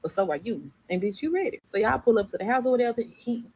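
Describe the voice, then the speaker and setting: A woman's voice: a little high, fast talker, low-quality recording. Young woman, sassy storytime, salty language, faint background hiss. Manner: sassy, profane, animated quoting of characters. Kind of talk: casual second-person storytime.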